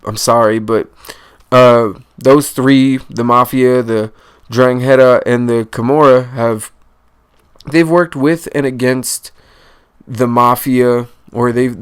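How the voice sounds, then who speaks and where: A man's voice: mid-range voice, smooth, no room sound. A man hosting a casual history explainer, rambling and correcting himself, joking about mispronouncing names. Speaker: history channel host.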